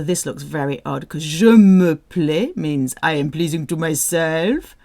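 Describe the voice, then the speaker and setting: A woman teaching French, reading phrases out slowly, repeating them and cheering the listener on. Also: sits low, expressive, a little mellow. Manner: slow, repeats phrases, encouraging. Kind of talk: audio language drill.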